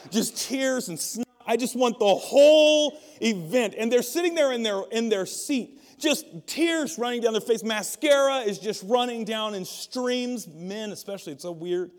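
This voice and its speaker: A man's voice: very high voice, lively intonation, moderate pace, hardly any pauses. A male pastor preaching a sermon in a humorous, conversational way, asking the congregation questions. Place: church auditorium. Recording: long reverb of a large hall.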